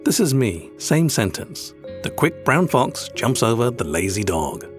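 A British man narrates a scripted documentary, his voice rising and falling with lively intonation. He speaks in an explanatory way, at a middle pitch, with soft music playing behind him. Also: a little slow. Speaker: host and voice-over producer.

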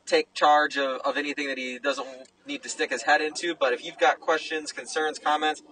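Young man, race driver guest, easygoing, bright voice, distant mic, faint noise. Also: fairly high pitch, fairly even intonation, moderate pace. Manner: easygoing, lots of "uh" and "you know". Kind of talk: casual interview.

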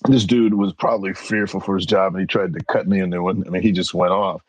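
Middle-aged man, interview guest, low husky voice, dry close sound, lively storyteller. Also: quick pace, no echo, low-quality recording. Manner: animated, acts out voices in anecdotes. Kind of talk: casual storytelling.

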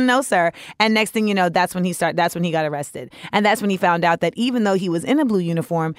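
A woman's voice: medium pitch, no echo. Woman podcaster ranting casually, blunt and swears a lot, cracks jokes, dry close sound. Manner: candid, opinionated, profane, jokey asides. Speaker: podcast host. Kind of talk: casual solo monologue.

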